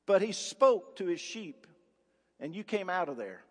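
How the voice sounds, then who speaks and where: A man's voice: high-pitched, big pitch swings, a little slow, breathy edge. A man preaching a sermon as pastor, emphatic, firing rhetorical questions and repeating words for force. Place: church sanctuary. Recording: long reverb of a large church hall.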